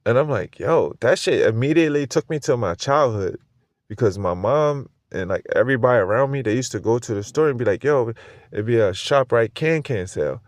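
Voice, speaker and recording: A man's voice: mid-range voice, lively intonation, brisk, dry recording. A man hosting a podcast, talking in a loose, rambling way, swearing freely and laughing often. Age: adult with a school-age kid. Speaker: podcast host. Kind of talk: casual profane monologue.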